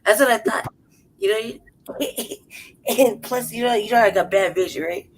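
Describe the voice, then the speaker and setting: A woman's voice: mid-range voice, a little slow, a little hiss or hum, poor audio. A woman telling a story in casual, profane chat on a podcast, laughing often and acting out what people said. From city-raised. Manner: profane, animated, laughs often, acts out voices. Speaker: podcast co-host.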